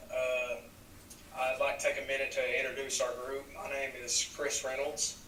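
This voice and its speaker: Southern man, group facilitator, bright even delivery, distant roomy recording with faint hiss. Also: mid-range voice, normal speed. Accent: Southern American. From East Tennessee, USA. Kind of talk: casual group discussion. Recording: echoey room from far off, faint noise.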